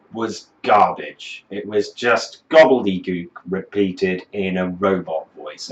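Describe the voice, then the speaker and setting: A man with a low voice tears into a song in a scornful, profanity-laced commentary. The sound is roomy and a little dull, like a home recording bouncing off bare walls. His tone stays dry and mocking throughout. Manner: sardonic, scornful, swearing freely. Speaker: music reviewer.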